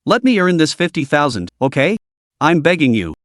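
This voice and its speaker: A man's voice: on the high side, very animated, normal speed, no room sound, clean studio sound. A man voicing a young man who is a blunt, bitter street vendor, reading him in a storybook recap. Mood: sarcastic. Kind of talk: storybook narration.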